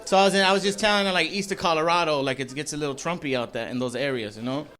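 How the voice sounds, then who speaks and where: A man performing a live stand-up comedy set in a club, loose and profane, rambling with lots of fillers and shouting mock voices of angry people. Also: on the high side, rapid-fire. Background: audience laughter.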